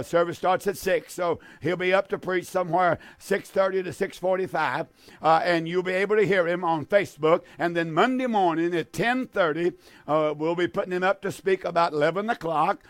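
A man's voice: sits high, no echo. An older man, hosting a religious radio call-in show as pastor, emphatic and repetitive. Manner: warm, emphatic, repetitive preacher's talk.

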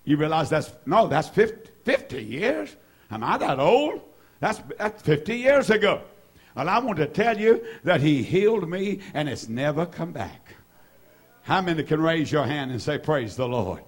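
A man's voice: on the high side, big pitch swings, moderate pace, slightly rough. A man, preaching a fervent sermon in a church service and repeating his praise phrases. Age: 70s. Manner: fervent, repetitive, exclaims hallelujah.

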